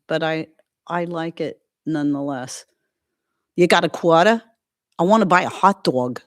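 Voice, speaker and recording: Chatty woman hosting a livestream. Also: fairly low pitch. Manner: chatty, rambling, reads chat comments aloud. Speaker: livestream host. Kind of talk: casual livestream chat.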